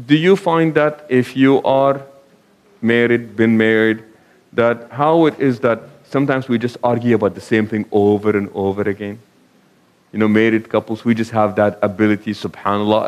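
This imam's voice is mid-range with a darkish tone. In front of a live audience, he gives a conversational sermon filled with questions to listeners, anecdotes, and scattered Arabic phrases.

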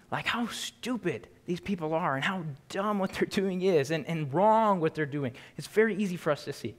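Man preaching, fairly high voice, casual and emphatic, long church reverb. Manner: casual and emphatic, often asks "right?". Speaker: pastor teaching a Bible study. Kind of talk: conversational Bible teaching. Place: church sanctuary.

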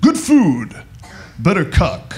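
A man doing a brash, wisecracking old-school nightclub comic who fires off one-liners in a rough, punchy delivery. The voice swings up and down with lots of life, and loud crowd laughter comes over a live club recording. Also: a little high, wildly swooping pitch, slow pace, very noisy, exaggerated voice. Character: brash wisecracking middle-aged man impression.

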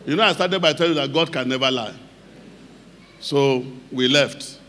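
A man with a Nigerian accent preaching a personal testimony to a congregation, telling the story and breaking into shouted emphasis. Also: mid-range voice, moderate pace. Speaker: pastor. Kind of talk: sermon testimony. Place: large church hall. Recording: echoey church hall with faint noise.

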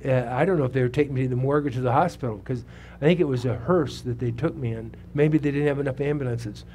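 Speaking fast in a mid-range, darkish voice, a pastor in his seventies shares his personal testimony as part of a sermon. Slight background noise carries through the church sanctuary as he talks with the congregation conversationally and puts questions to them.

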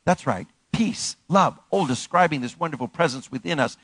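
A man's voice: medium pitch, expressive, normal speed, fairly bright tone, husky, no room sound, rough recording. A male pastor preaching a sermon, emphatic, repeating phrases and leading the congregation in call-and-response.

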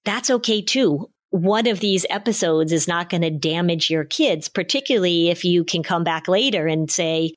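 Calm lower-voiced woman giving parenting advice. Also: normal speed, hardly any pauses. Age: middle-aged. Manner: calm, practical, reassuring advice. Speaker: podcast host, parenting expert. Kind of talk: casual advice chat.

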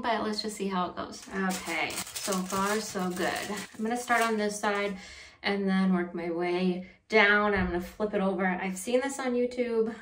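Unhurried woman vlogging in an echoey room. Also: medium pitch. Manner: chatty, self-deprecating, laughs at herself. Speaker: beauty vlogger. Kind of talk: casual how-to vlog. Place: at home. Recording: roomy echo, mic at a distance.

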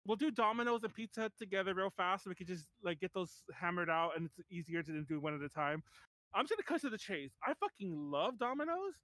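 A man with a high voice that swoops up and down as he hosts a casual podcast chat. He laughs easily and keeps urging the group to move faster. The sound is close and dry, with no room around it. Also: no room sound. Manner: lively, quick to laugh, hurries the segment along. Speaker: podcast host leading the tier list.

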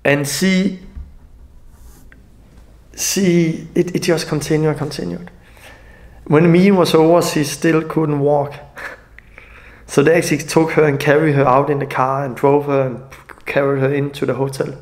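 A middle-aged man with a Danish accent telling an emotional personal testimony, halting and often restarting his sentences. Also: on the high side, little pitch movement, darkish tone. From Denmark. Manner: halting, restarts often, non-native grammar. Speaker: ministry leader.

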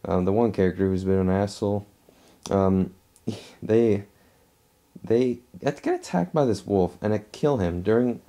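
A man's voice: sits low, warm tone. A man giving a casual movie review, rambling and restarting his phrases as he talks at home.

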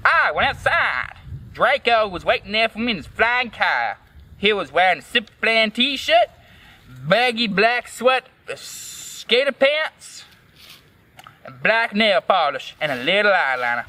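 A man's voice: high voice, very animated, a little slow, pushed and bright. A man reading a fan story aloud as host, in a comic, dramatic first-person narration.

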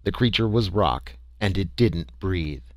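Low-voiced man reading an audiobook. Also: animated, no echo. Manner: measured first-person storytelling. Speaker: audiobook narrator. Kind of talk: scripted audiobook narration.

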